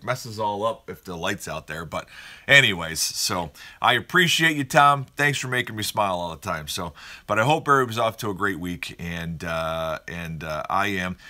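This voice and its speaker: A man's voice: fairly low pitch, sharp tone. Upbeat chatty male podcast host. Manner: chatty, rambling, upbeat storyteller. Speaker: morning show host. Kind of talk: casual morning podcast chat.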